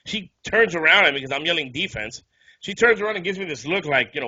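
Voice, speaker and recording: Fast-talking husky man on a podcast. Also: fairly high pitch, animated, no echo, highs cut off. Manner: quick, bright-toned banter and ribbing. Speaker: podcast co-host. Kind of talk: casual podcast chat.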